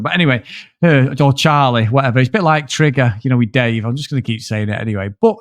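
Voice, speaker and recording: A man's voice: medium pitch, quick pace, no echo, clean studio sound. A man co-hosting a casual film review podcast, rambling and swearing as he tells his stories. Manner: rambling, sweary, animated storytelling. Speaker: podcast co-host.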